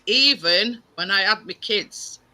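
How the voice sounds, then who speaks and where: Bright, high-voiced man chatting. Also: takes it slowly. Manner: repeats words while starting sentences. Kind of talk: casual chat.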